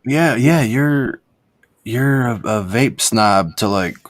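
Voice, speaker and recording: A man co-hosting a casual chat about vapes, telling stories in quick, animated bursts with frequent restarts and swearing. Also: medium pitch, dry recording. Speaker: co-host of a cannabis vape review show.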